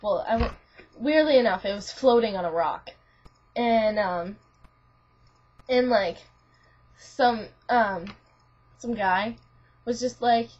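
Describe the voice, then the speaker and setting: A woman's voice: fairly high pitch, slow, pauses often, darkish tone. Giggly, rambling young woman on lo-fi webcam. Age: young adult. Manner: rambling, giggly, full of "like" and restarts. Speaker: student vlogger. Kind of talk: casual chat to a friend. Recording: lo-fi webcam audio.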